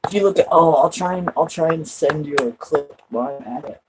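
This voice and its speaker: A woman's voice: low voice, fairly quick, very noisy. Rambling, foul-mouthed woman vlogger. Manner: rambling, swears a lot, laughs often. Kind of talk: casual rambling chat.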